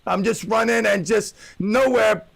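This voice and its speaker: A man's voice: high-pitched, measured pace, gravelly, a bit bright. A man hosting his own radio talk show alone, joking and rambling with playful tall tales.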